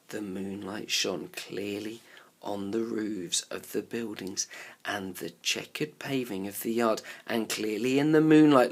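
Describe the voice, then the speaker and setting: A male teacher reading a children's novel aloud with expressive delivery, dropping to a whisper at tense moments. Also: mid-range voice.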